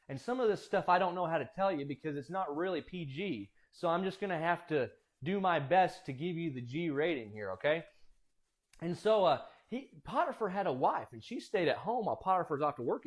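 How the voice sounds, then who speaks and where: A man casually telling Bible stories, animated and acting out voices. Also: fairly high pitch. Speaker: storyteller.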